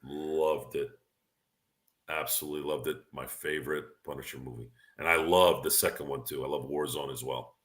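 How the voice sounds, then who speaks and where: A deep-voiced man hosts a casual talk show, talking in an opinionated and rambling way. His voice is low, bright and forceful, and he often restarts his sentences. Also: fairly even intonation, moderate pace. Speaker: podcast host. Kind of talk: casual sports and movie chat.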